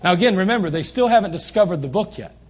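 Male pastor, sermon in a church, raspy tone, pressing points by repetition. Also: high voice, lively intonation, fast. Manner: emphatic preaching with repeated phrases. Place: church sanctuary.

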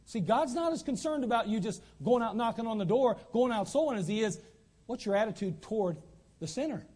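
A man preaches in a church sanctuary, his voice pitched high for a man. He drives his points home emphatically, repeating lines for stress. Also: lively intonation, brisk, mellow, husky. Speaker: pastor. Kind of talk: sermon.

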